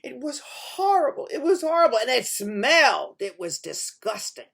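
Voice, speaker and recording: A woman storyteller tells a folk tale to children with lively, expressive delivery. She swings between hushed and loud and puts in barnyard noises as she goes. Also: sits high, moderate pace, creaky, breathy edge. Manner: lively, expressive, makes animal sounds.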